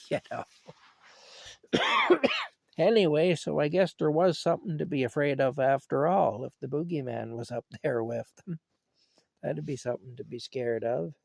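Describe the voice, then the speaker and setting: A man's voice: fairly high pitch, animated, a little slow, vocal fry, pauses often, no room sound. An older man telling family stories in a rambling, folksy, chuckling way while feeling unwell. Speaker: vlogger. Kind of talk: casual storytelling.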